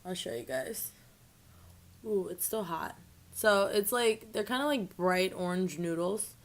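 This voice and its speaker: A woman's voice: mid-range voice, unhurried. Bubbly young woman vlogging while eating. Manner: bubbly, chatty, lots of "like" and "ooh". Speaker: mukbang vlogger. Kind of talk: casual chat to camera while eating.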